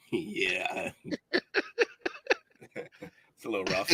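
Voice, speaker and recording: A man co-hosting a casual podcast who talks in an opinionated, animated way, with laughing asides. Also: low voice, drawn-out words, creaky, husky. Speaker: podcast co-host.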